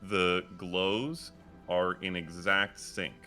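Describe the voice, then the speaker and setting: This dungeon master has a very low voice with a bright, forceful quality and fairly even intonation. His scene descriptions unfold slowly, peppered with frequent fillers, while faint music sits behind him.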